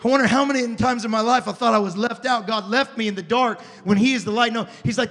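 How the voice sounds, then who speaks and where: A male pastor preaching a fervent sermon to a congregation, dropping to a hush and then rising to shouts. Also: very high-pitched, fast, hardly any pauses, big-room sound, faint music behind. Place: church sanctuary before a congregation.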